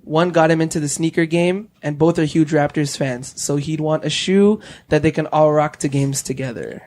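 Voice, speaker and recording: A man's voice: on the high side, normal speed, darkish tone. Giggly man hosting a podcast. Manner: giggly, laughs often between phrases. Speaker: podcast host. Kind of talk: casual chat.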